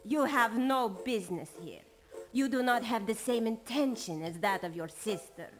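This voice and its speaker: A woman's voice: on the high side, lively intonation, moderate pace, faint music behind, lightly acted. A woman voicing an aloof talking butterfly. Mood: stern. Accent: German. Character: mysterious talking butterfly, teasing and cold. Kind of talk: video game voice acting.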